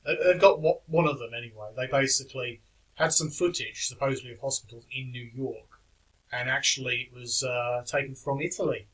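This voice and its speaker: A man's voice: mid-range voice, a little fast, fairly bright tone, poor audio. A man giving casual reaction commentary on videos in a dry, wry, skeptical manner, with the odd chuckle.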